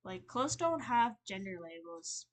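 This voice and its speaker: A young woman on a livestream, venting in a rambling, halting, earnest way, full of fillers and restarts. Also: mid-range voice, big pitch swings. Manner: earnest and emotional. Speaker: streamer.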